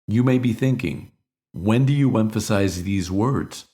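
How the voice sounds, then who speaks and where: American male pronunciation teacher, very low voice, clear measured delivery, repeats examples slowly. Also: mellow. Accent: American English. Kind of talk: scripted pronunciation lesson.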